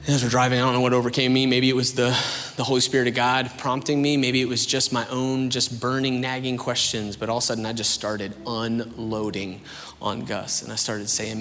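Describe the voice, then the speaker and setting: A young man preaching and telling his own story in a casual, animated way, with lots of "like" and "you know". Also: mid-range voice, a little fast, big-room sound, a little hiss or hum. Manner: conversational, animated storytelling with many fillers. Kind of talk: sermon with personal testimony.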